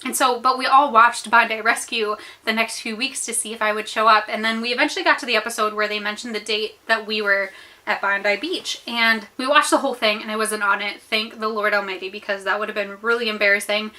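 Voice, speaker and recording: A young American woman telling a story to her viewers in a chatty, animated way with many fillers while she eats. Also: medium pitch, brisk. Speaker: vlogger. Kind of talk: storytime chat while eating.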